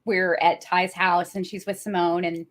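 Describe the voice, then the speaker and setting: A woman co-hosts a podcast in a casual TV recap chat, narrating scenes in detail, laughing often, and stumbling into hesitant restarts. Her voice is on the low side with a fairly bright tone, delivered flatly at normal speed.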